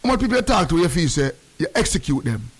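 A man's voice: fairly high pitch, quick pace, breathy edge. A man hosting a casual radio chat, slipping between patois and English. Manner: animated, mixes patois and English. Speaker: radio host.

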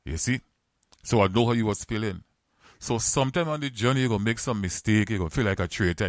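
A man with a lowish voice preaches a sermon, circling back on phrases again and again. He builds up to fervent, emphatic calls to his listeners. The sound is close and dry, with no room echo. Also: a bit bright.

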